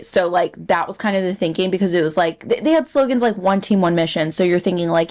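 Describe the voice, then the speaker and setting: A woman with a somewhat low voice hosts reaction commentary. She explains things steadily and evenly, with a dry, wry edge. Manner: measured, explanatory, mildly wry. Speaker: commentary channel host.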